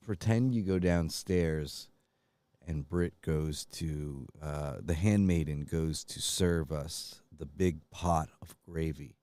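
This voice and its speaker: A man co-hosting a podcast, telling absurd stories in a deadpan way and directing comic bits. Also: extremely low pitch, takes it slowly, no room sound. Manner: deadpan storytelling breaking into mock wailing. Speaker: podcast co-host.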